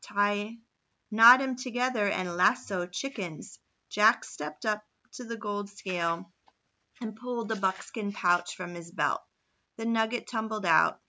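A woman reading a children's novel aloud in a steady storytelling manner. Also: medium pitch, dull audio. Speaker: reader.

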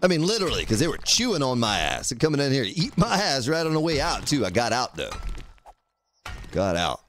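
Lively joking male game streamer. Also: mid-range voice, fairly quick, soft background music. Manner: joking, teasing chat viewers by name. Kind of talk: casual gameplay livestream commentary.

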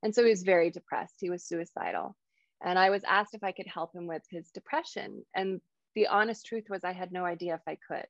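A hypnotherapist in her thirties, speaking a little fast in a lowish voice, tells a personal story as a guest on a video call and acts out the lines she quotes. The recording is lo-fi with no room sound.

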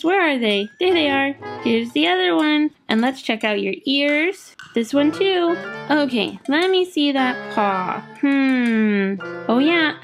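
A woman voicing a helpful young male rescue puppy, calm and reassuring while checking a patient. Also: high voice.

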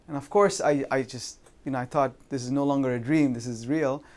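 Medium in pitch, steady and a little mellow, this man's voice carries a seminar on insurance and real estate. The Vancouver resident shares a personal story in a chatty way, repeatedly tagging sentences with "right?" while pausing and restarting with fillers.

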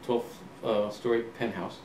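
A man in his sixties, an author being interviewed, telling relaxed anecdotes and acting out old conversations, with frequent ums and restarts. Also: on the low side, unhurried. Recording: roomy, distant mic, faint ambient hum.

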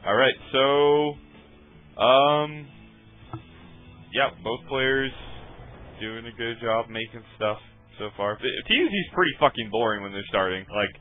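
A man's voice: mid-range voice, measured pace, long pauses, faint music behind. Laid-back male game caster, tinny audio. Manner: laid-back, laughs often, swears casually. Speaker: esports caster. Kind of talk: casual live game commentary. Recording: tinny phone-like stream audio.

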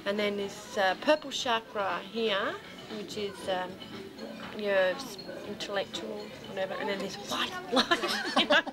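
A woman's voice: medium pitch, animated, unhurried, music in the background. A woman from Australia telling a rambling anecdote in a casual, chatty way, often laughing as she talks. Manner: chatty, laughs through her story, imitates others. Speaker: improvising actor telling an anecdote. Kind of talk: improvised casual storytelling.

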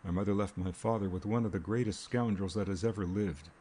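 A man reading a reserved young gentleman in a novel, calm and guarded. His words come measured and quiet. The tone is low and mellow. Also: husky. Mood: firm.

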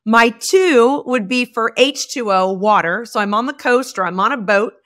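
A woman guest on a podcast, a leadership coach, talking in a bubbly, expressive way and laughing often. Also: on the high side, moderate pace. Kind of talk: casual podcast interview.

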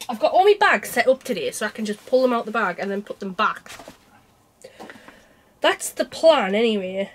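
A woman's voice: fairly high pitch, lively intonation, moderate pace, long pauses. A woman vlogging about her cross-stitch projects in a chatty, self-mocking way, laughing often while feeling unwell. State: unwell with a cold. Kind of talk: casual chat to camera.

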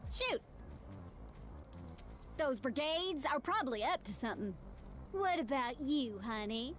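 A woman's voice: sits high, big pitch swings, a little slow, a bit bright, faint music behind, exaggerated voice. An actress playing a brash, glamorous female TV news reporter who calls people sugar and honey. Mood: chatty. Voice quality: flirty, brassy, calls others sugar and honey.

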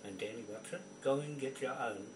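A man's voice: mid-range voice, brisk. Angry New man, profane confrontational rant, echoey room, off-mic. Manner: furious, swearing constantly, confrontational. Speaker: video poster. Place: indoors at a computer. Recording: roomy, distant from mic, faint background noise.

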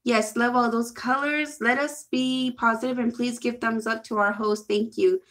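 A young woman hosting a casual livestream, chatting excitably and reading viewer comments aloud. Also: a little high, moderate pace. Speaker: livestream host.

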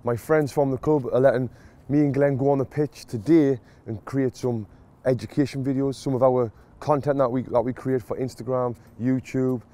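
Speaking at a normal speed with hardly any pauses, he has a medium-pitched, mellow voice and fairly even intonation. The vlogger, a boxing coach from Sunderland in his thirties, talks in a broad Mackem accent from a football stadium, chatty and emotional while making fun of himself.

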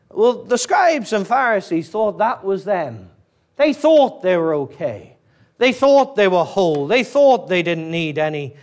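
A man with a notably high voice delivers an earnest sermon. He presses his points with rhetorical questions and voices the excuses of a self-righteous listener before refuting them. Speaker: pastor.

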